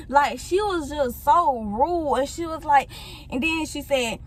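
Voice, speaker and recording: A young woman in her late teens, a vlogger chatting straight to her viewers through a phone mic as she retells a long personal story with lively feeling. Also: high-pitched, normal speed, slight background noise. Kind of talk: casual storytime.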